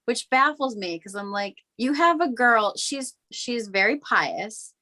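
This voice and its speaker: A woman's voice: fairly high pitch, expressive, measured pace, sharp tone. A woman co-hosting a podcast, casually arguing her reading of a TV episode with plenty of "like"s. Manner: opinionated, argues points with many "like"s. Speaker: podcast co-host. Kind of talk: casual chat analyzing a TV episode.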